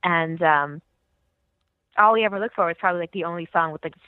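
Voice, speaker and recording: A woman's voice: fairly low pitch, fairly quick, no echo. Chatty woman on a thin dry line. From California. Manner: enthusiastic, chatty, many fillers and laughs. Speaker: podcast co-host. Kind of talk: casual chat about music. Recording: thin phone-like dry sound.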